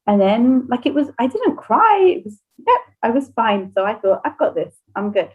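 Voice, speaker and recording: A woman's voice: a little high, big pitch swings, normal speed, phone-quality sound. A woman, a nursery owner whose first language is Spanish, casually telling an emotional personal story on a podcast and laughing often.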